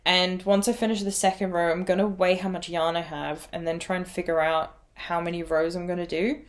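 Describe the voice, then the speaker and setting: Chatty Irish woman, lowish voice. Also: level tone, a little fast. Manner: chatty, rambling, laughs at herself. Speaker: knitting podcast host. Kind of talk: casual chat.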